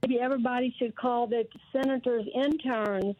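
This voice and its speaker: A woman's voice: fairly high pitch, fairly even intonation, normal speed, a little mellow, a little hiss or hum. An older woman calling into a radio talk show, telling her story in an earnest, rambling, indignant way. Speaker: caller. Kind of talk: phone call to a talk show. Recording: dull dry phone line.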